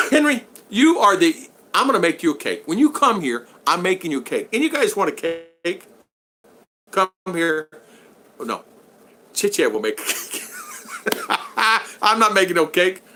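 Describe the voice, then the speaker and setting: A man's voice: high voice, sing-song, a little slow, long pauses, bright, forceful tone, slight background noise. A middle-aged man hosting a casual live stream, chatty, laughing often and thanking viewers over and over. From Florida. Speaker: live stream host reading super chats.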